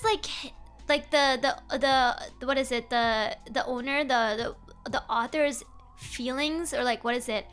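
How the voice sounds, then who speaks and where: Bright high-voiced woman streamer. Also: unhurried, clear, resonant tone, soft background music. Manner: excitable, chatty, talks to her viewers. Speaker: streamer host. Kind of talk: live read-along of horror stories with chat reactions.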